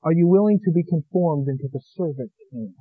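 A man's voice: fairly high pitch, fairly quick, slightly rough, no echo, phone-quality sound. A man preaching a sermon with passion, pleading with his listeners through a string of rhetorical questions.

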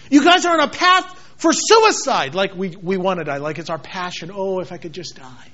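A high-pitched male pastor delivers a sermon, his voice leaping from shouted emphasis to hushed, low intensity. The recording sounds dull and lo-fi. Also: slight background noise. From United States. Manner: dramatic, shifts between shouting and quiet intensity.

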